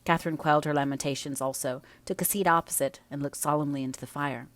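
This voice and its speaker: A woman narrating a classic novel as an audiobook reader, in measured storytelling. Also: deep voice, steady tone, no room sound.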